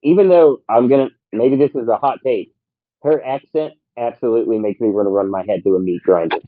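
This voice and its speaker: A male guest speaks his mind bluntly in a casual show chat, in an ordinary mid-pitched voice. The sound is dry and slightly lo-fi. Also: a little fast, no room sound. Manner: blunt, candid opinions.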